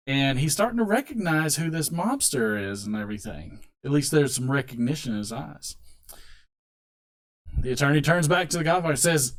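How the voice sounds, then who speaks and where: A man's voice: mid-range voice, expressive, brisk. Chatty male live stream host. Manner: chatty, laughs often, rambling. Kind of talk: casual live stream chat and joke telling.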